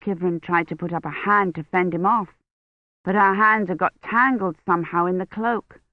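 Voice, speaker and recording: A woman narrating an audiobook in a measured, even storytelling manner, on tinny, dry phone-like audio. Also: fairly low pitch, dry recording. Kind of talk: scripted narration.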